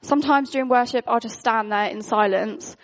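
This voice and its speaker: A woman speaks in an informal, candid sermon, chatty and full of fillers. Her voice sits fairly high with a gravelly fry. The recording sounds dull and lo-fi. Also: a little fast. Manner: candid, conversational, frequent fillers. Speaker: worship speaker.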